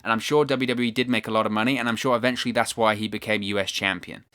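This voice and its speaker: Bright-voiced man ranting about wrestling. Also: on the low side, fast talker, smooth, no echo, studio quality. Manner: animated, incredulous ranting. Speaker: wrestling news host. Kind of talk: opinion commentary.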